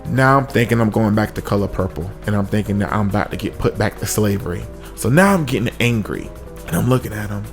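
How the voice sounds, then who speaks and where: A man telling a comic story from his own life, with sudden high-pitched exclamations. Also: lively intonation, fast talker. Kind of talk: comedic story time. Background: faint music.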